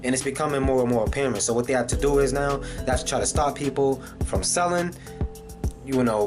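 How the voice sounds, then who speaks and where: A man ranting casually in a video commentary, swearing and using many fillers. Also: mid-range voice. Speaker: vlogger. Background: music.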